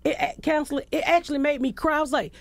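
A woman's voice: sits high, fast, vocal fry, dry recording. Blunt, profane woman comedian. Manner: blunt, profane, animated storytelling. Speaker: comedian guest. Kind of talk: candid radio interview storytelling. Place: radio studio. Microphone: studio mic.

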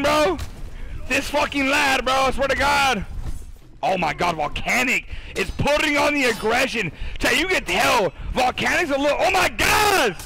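Male streamer, excitable game commentator; high, gravelly voice, loud and profane. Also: poor audio. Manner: excitable, swears a lot, yells at chat.

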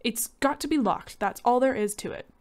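A woman voicing a frightened, tearful housewife, speaking high and tense in a story reading. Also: moderate pace, lightly acted. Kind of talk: reading a short story aloud.

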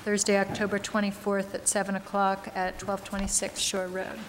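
A woman on a school board lays out a committee's plans in a plain, explanatory way. Her pitch barely moves. Faint room noise sits under her voice. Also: monotone, moderate pace, big-room sound. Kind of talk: public meeting report.

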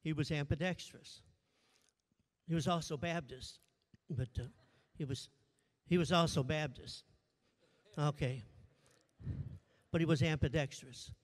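A man's voice: fairly high pitch, a little slow, pauses often. A man preaching a sermon as pastor, joking playfully with the congregation. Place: church sanctuary. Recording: long church reverb.

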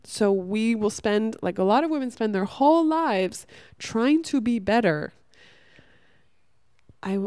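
A woman's voice: a little high, expressive, measured pace, mellow, no echo. A young woman giving an earnest, casual motivational talk, swearing now and then. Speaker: host.

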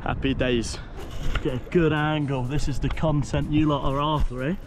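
A man's voice: fairly high pitch, steady tone, normal speed, noisy background. A young man vlogging a charity football match, jokey and chatty and calling his viewers "boys". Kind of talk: casual vlog to camera. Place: outdoors at a football stadium.

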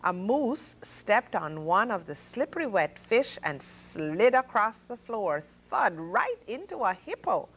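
A woman hosting a story hour, reading children's picture books aloud with expressive sound effects and voices for the animals. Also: medium pitch, rough recording. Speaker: storyteller host.

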